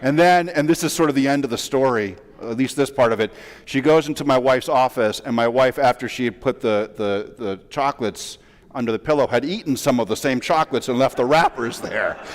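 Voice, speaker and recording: A man in his forties, a rabbi, giving a sermon as a relaxed, self-deprecating story full of asides. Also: medium pitch, a little fast. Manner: chatty, self-deprecating, with many fillers and asides. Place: large synagogue sanctuary. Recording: long reverb of a large hall.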